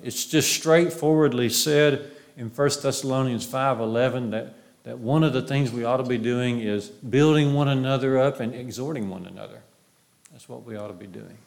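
A man's voice: mid-range voice, measured pace, gravelly, darkish tone. A man preaching a sermon, quoting scripture and repeating phrases for emphasis.

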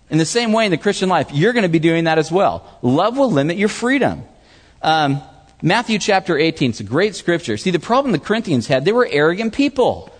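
A man's voice: on the high side, long reverb tail. A man preaching a sermon, asking the audience questions and acting out what people say. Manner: animated preaching with questions to the audience, acts out voices. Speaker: pastor.

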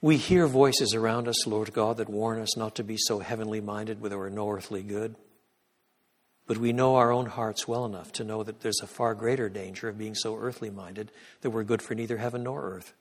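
Husky man lecturing in a reverberant church. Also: on the low side, steady tone, moderate pace. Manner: emphatic, swings from loud peaks to hushed prayer. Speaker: guest lecturer. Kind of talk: sermon-style lecture and prayer. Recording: long reverb of a church hall.

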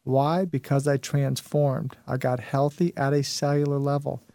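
A man in his fifties hosts a show, delivering an emphatic motivational talk and repeating his key phrases. His mid-range voice is warm, with little pitch movement and a measured pace, captured dry in studio quality.

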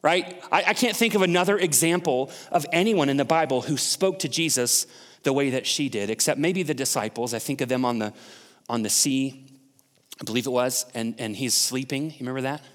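A man's voice: medium pitch, brisk, long reverb tail. A male pastor preaching a sermon in a conversational way, often asking the congregation questions.

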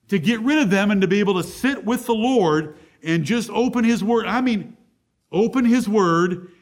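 A man with a fairly high voice preaches a sermon from the pulpit. He reads the scripture slowly and with weight, then explains it in an earnest, direct way to a church congregation. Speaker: pastor.

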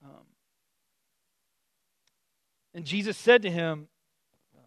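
Guy preaching, high voice, chatty and animated, lots of ums, dry close sound. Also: unhurried, no room sound. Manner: conversational, animated storytelling with many fillers and restarts. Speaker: pastor. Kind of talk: sermon.

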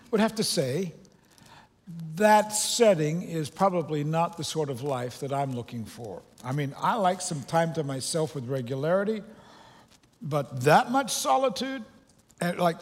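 In a church sanctuary, a pastor with a high-leaning voice jokes casually through a sermon to his congregation. The large hall surrounds his conversational delivery, which includes loose restarts.

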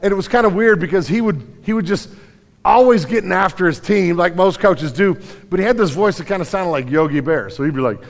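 Higher-voiced man preaching in a big hall. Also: a little fast, creaky. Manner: folksy storytelling with frequent restarts. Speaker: pastor. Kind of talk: sermon. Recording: long reverb of a large hall.

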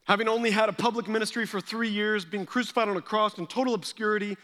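A man preaching a sermon from a stage in an animated, conversational way. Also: high-pitched, fast, long reverb tail. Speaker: pastor. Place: large hall stage.

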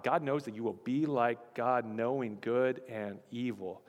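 A man's voice: mid-range voice, fairly even intonation, a little slow, few pauses, big-room sound. A male pastor preaching a sermon in an emphatic, repetitive style. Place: church.

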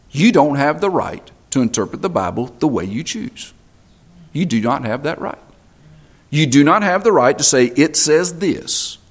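A man preaching a sermon as pastor, emphatic, repeating phrases for stress. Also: fairly high pitch.

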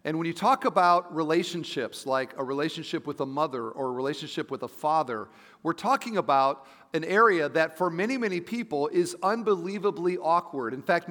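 A middle-aged man preaches a conversational sermon, his voice a touch higher than most. He drops into quiet asides and then climbs to emphatic points. The sound rings with the long reverb of a large church hall. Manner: conversational preaching, shifting between soft asides and emphatic rises. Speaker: pastor. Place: church sanctuary.

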